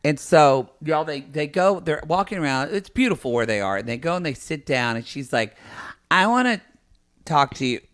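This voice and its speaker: A man's voice: on the high side, a little fast, few pauses. A man co-hosting a podcast, casually retelling scenes and acting out the lines. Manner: animated retelling, acts out quotes, many fillers. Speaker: podcast co-host. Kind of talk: casual recap chat.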